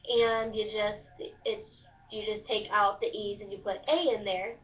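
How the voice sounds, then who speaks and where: A woman's voice: medium pitch, fairly even intonation, unhurried. A young woman from Southern Illinois explaining a dialect for a class project, in a casual, chatty way with many fillers. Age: young adult. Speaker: student presenter. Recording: distant, muffled lo-fi recording.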